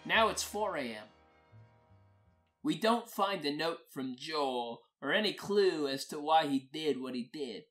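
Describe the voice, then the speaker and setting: A storyteller in a slow, poetic spoken-word style, blunt and profane in their phrasing. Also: medium pitch, a bit bright.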